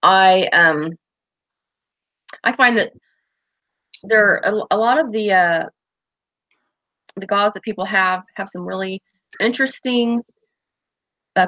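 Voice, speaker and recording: A woman's voice: mid-range voice, pushed and bright, no echo. A woman hosting a casual livestream chat, reading viewer comments aloud and rambling with lots of fillers and restarts. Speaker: host of a pipe-smoking chat stream.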